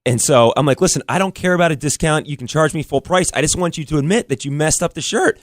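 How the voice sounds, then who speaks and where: A man co-hosting a talk show, telling an animated and frustrated story in a casual way. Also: on the high side, fast, dry recording, clean studio sound. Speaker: radio show co-host.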